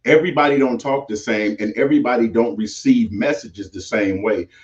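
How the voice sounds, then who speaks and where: A man chatting as a guest, playful and animated, sliding between polite and street talk. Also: mid-range voice, brisk. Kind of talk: casual chat. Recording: muffled lo-fi sound.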